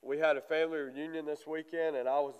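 A congested man preaching a sermon in church, halting often with fillers. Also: a little high, fairly even intonation, clean tone. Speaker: lay preacher. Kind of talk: sermon with prayer. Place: church sanctuary. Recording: long church reverb.

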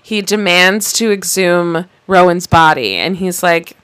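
A woman's voice: fairly low pitch, unhurried, a bit bright, clean tone. A woman co-hosting a podcast, recapping a movie in casual chat, laughing often and swearing freely. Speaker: podcast co-host.

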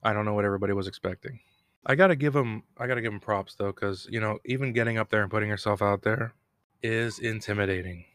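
A low-voiced, fast-talking podcast host with a slightly bright tone rambles through a casual solo TV episode recap. He's self-deprecating and laughs at his own jokes. The sound is dry, close and echo-free, coming from a home recording room with a cat bell nearby.

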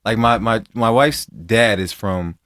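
A man's voice: lowish voice, a little slow, a bit bright. A man co-hosting a podcast, chatting casually and joking around, sometimes slipping into playful voices. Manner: joking, laid-back, slips into playful voices. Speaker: podcast co-host. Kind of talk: casual chat.

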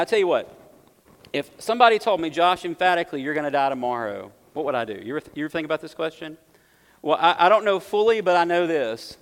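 A pastor delivers an emphatic sermon in a gravelly, mid-pitched man's voice. He swings from loud, driving bursts to hushed asides. His words ring out with a long hall reverb in a church sanctuary.

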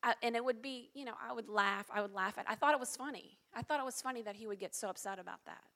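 A middle-aged woman pastor preaching a sermon in an earnest, confessional way, dropping to hushed tones at times. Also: fairly high pitch, quick pace, gravelly.

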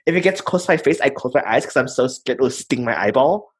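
A young adult chatting casually with a lively, swooping delivery that rises and falls a lot. The voice has a husky edge, and the talk is full of fillers and quick restarts. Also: medium pitch. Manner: animated storyteller, many fillers. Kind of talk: casual chat.

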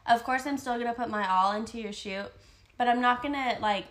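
A young woman photographer talks in loose, casual chat on a podcast. Her voice sits a bit high, and she swears often, rising to loud bursts of excitement. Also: brisk.

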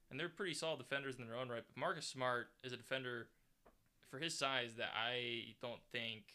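Super bright voiced guy, animated casual sports podcast chat. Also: medium pitch, smooth. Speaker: podcast co-host.

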